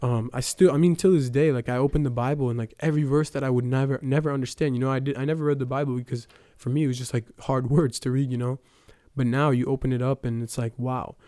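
Telling his personal testimony as a church youth member, a young man rambles casually, using many fillers and recounting conversations in storytelling fashion. He talks fast in a smooth, mellow, medium-pitched voice that barely rises or falls. The recording is close and dry.

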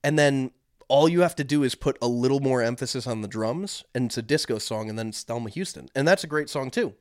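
A man's voice: mid-range voice, brisk, no echo. A man co-hosting a casual podcast, telling stories at his own loose pace. He rambles, doubles back and fills gaps with "um" and "like." The mic is close and dry, with no room sound. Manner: rambling, many fillers and restarts. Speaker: podcast co-host. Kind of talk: casual chat.

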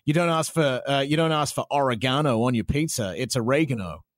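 A man's voice: on the high side, fairly quick, dry recording, studio quality. A man in his thirties with an Australian accent, a radio presenter talking frankly as an interview guest, full of restarts. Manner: chatty, frank, many restarts and fillers. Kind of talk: casual interview chat.

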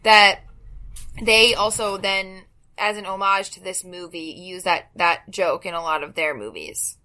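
A woman's voice: medium pitch, a little slow, sharp tone. A woman co-hosting a podcast in casual chat, chatty and hesitant, laughing easily. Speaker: podcast co-host.

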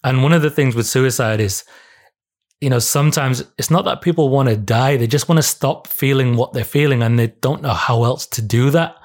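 A man's voice: mid-range voice, normal speed. A man hosting an interview, who reflects on what his guest says and asks long, probing questions. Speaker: podcast host.

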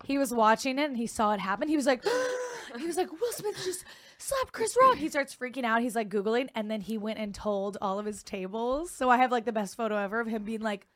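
A young woman, a comedian guest, telling a story in an animated, laughing way. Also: a little high, fast talker, few pauses. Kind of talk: casual storytelling.

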